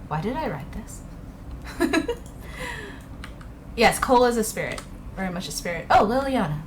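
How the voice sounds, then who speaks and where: A woman's voice: medium pitch, normal speed, long pauses, slight background noise. A young woman playing a video game, chatting casually, laughing often and reading game letters aloud. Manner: excitable, laughs often, reacts loudly. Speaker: let's play gamer.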